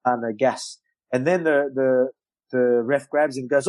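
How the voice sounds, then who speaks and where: Male guest, lively storyteller, swears freely, dry close mic. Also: mid-range voice, a little slow, no echo, poor audio. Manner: animated storyteller, loose swearing, acts out quotes. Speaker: guest, professional fighter. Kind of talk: storytelling in casual interview.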